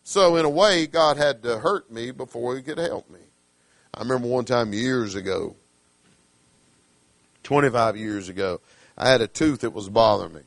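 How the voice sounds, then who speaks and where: A man preaching a sermon, swinging from hushed asides to fervent calls, with folksy dialect grammar. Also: medium pitch, moderate pace, creaky, pauses often, no echo.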